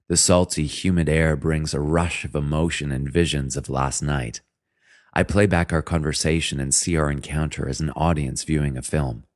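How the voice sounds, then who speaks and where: Male audiobook reader, extremely deep voice, wry and chatty first-person delivery, dry close studio sound. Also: dry recording. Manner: wry, conversational, with self-mocking asides. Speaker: audiobook narrator.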